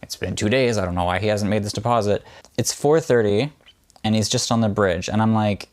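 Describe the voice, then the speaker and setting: A young man vlogging a story to camera, retelling it in an exasperated, animated way and acting out what people said. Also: on the low side, brisk. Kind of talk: storytime vlog.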